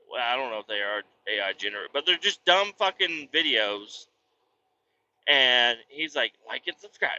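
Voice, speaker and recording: A man in his thirties casually telling stories about his kids and his work, animated and swearing freely. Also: medium pitch. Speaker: vlogger, truck driver. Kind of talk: casual storytelling vlog. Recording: dull lo-fi sound.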